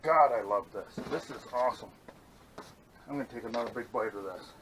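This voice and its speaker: An outdoor vlogger from New York state casually reviews the camp meal he's cooking at a campsite, rambling enthusiastically and talking as he eats. His mid-range voice is brisk and a bit bright. The audio is poor, with a little hiss or hum.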